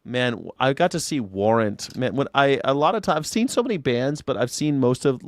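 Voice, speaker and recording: A male talk show host in loose, unscripted chat who rants about how people word their questions and mimics them with scorn. His pitch leaps and dips all over as he talks. The sound is dry and close, with almost no room around his voice. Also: expressive, fairly quick, no echo. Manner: ranting, mocking callers' phrasing. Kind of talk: casual livestream chat.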